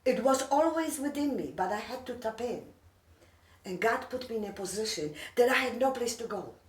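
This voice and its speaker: A woman's voice: on the high side, expressive, normal speed. Earnest older immigrant woman, echoey. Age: 60s. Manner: earnest, broken English, heartfelt. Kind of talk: emotional personal talk. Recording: echoey room, mic far off.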